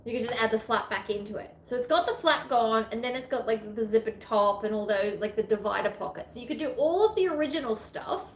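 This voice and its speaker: A woman's voice: on the high side, brisk, few pauses. A woman with an Australian accent chatting casually through a sewing tutorial, rambling and self-deprecating with lots of asides. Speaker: sewing vlogger. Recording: echoey room with faint ambient noise.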